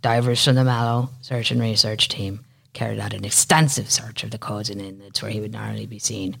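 A woman's voice: rumbling low, steady tone, brisk, gravelly, a bit bright, voice pushed down, full character voice. A woman voicing an Irish tour-boat chairman in a put-on Irish accent, reading his words solemnly.

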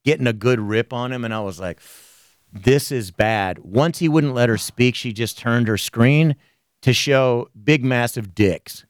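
A man's voice: mid-range voice, normal speed, clean tone, dry recording, studio quality. A man hosting a podcast, telling a story animatedly with lots of swearing in casual chat. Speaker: podcast host.

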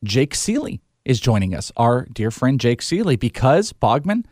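A man's voice: medium pitch, very animated, moderate pace, a little mellow, no echo. Joking male podcast host, dry sound. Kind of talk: casual chat.

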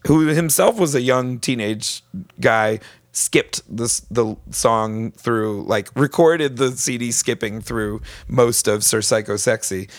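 As a guest on a podcast, a man rambles through a story in casual chat, full of fillers and restarts. He speaks slowly in a medium-pitched voice, with no echo on the recording.

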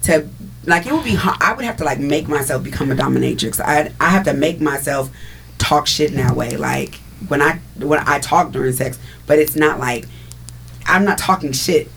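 Young woman, lowish voice, hesitant restarting chatter, faint noise behind. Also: normal speed, gravelly, fairly bright tone. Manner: hesitant, restarts, laughs often. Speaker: panel guest. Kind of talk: casual group chat.

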